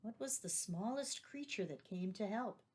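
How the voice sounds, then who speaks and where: A woman's voice: medium pitch, animated, moderate pace, darkish tone. A woman teacher reading a children's story aloud and patiently explaining vocabulary and asking questions. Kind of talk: read-aloud vocabulary lesson.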